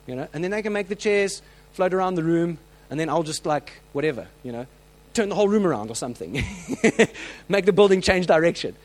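A man preaching a sermon, telling stories with lively acted-out voices and frequent restarts. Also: on the high side, brisk, low-quality recording. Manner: animated storytelling, acts out quoted voices; many restarts and filler words.

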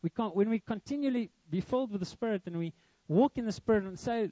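A man's voice: high voice, lively intonation, fast talker, dark tone, no echo, muffled recording. A young man preaching a sermon, earnest and emphatic, with a lot of repetition. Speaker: pastor.

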